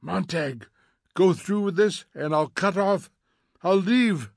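An older man whispering anxious, scolding warnings from inside an earpiece, as a male narrator puts him on. The voice is hushed and pleading, and the studio sound is close and dry. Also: slow, creaky, no echo, full character voice. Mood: urgent. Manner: urgent, hissing low voice.

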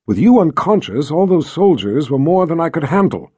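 An earnest, loyal young fighter from a storybook, voiced by a male narrator. The voice is husky and mellow, with a plain, steady delivery. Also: fairly high pitch, normal speed, no echo, studio quality.

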